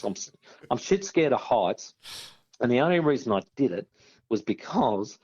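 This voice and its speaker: A middle-aged Australian man telling lively anecdotes as a podcast guest, slipping into loud voices for his friends. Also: mid-range voice, normal speed, slightly rough, highs cut off. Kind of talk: storytelling on a podcast.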